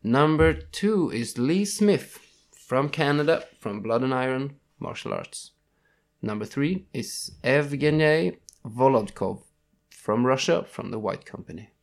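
A man's voice: mid-range voice, expressive, measured pace, gravelly. A young man co-hosting a casual podcast, reading ranking lists and tripping over foreign names. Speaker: podcast co-host.

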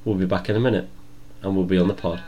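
A man's voice: low-pitched, steady tone, fast, mellow. A young man co-hosting a casual podcast over a video call, blunt and sweary in his banter. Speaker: podcast co-host. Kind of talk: casual chat.

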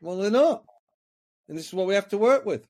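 A man's voice: high voice, expressive, fairly quick, a little mellow. A man talking as a coaching guest on a podcast, earnest and reflective, often repeating words while he finds his point. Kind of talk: podcast conversation.

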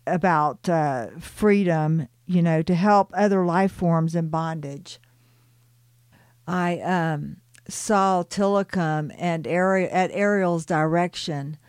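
A woman reading a channeled spiritual story aloud and adding her own reflective, soft-spoken commentary with light laughs. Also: fairly low pitch, clear, resonant tone, no room sound, clean studio sound.

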